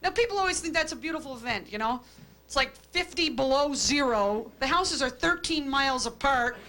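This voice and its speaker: A woman doing a stand-up comedy routine, delivering deadpan quips and tagging jokes with a flat "okay?". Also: high voice, brisk. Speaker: stand-up comic. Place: comedy club stage with a live audience. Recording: hissy old VHS tape with audience laughter.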